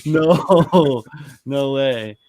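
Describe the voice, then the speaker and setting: A man's voice: medium pitch, extremely slow, a crowd in the background. A man co-hosting a casual hobby stream, laid-back and upbeat, with casual swearing. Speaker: stream co-host. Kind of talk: casual chat.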